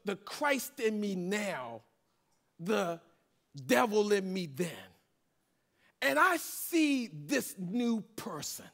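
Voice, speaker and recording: A middle-aged man, a pastor, telling a humorous personal testimony in a sermon, joking with the congregation as he goes. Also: a little high. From Washington, D.C. area. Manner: animated storytelling, jokes with congregation.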